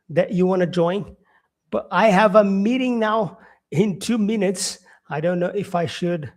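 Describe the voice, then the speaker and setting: A man's voice: a little high, darkish tone. A young Brazilian man with a Portuguese-accented English, hosting a casual live stream where he reads out viewer questions and answers them with plenty of fillers. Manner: chatty, reading out viewer comments, frequent fillers.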